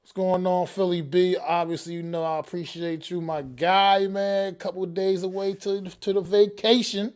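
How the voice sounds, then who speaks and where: A man's voice: high-pitched, level tone, normal speed, few pauses, darkish tone, clean tone. A man hosting a sports podcast in a casual, slangy way, greeting listeners and repeating himself. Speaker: podcast host.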